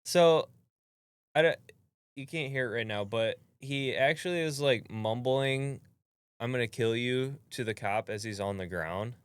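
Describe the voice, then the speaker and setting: A man's voice: medium pitch, unhurried, clear, resonant tone. A man hosting a podcast in casual chat, laid-back and laughing often as he wraps up the episode. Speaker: podcast host.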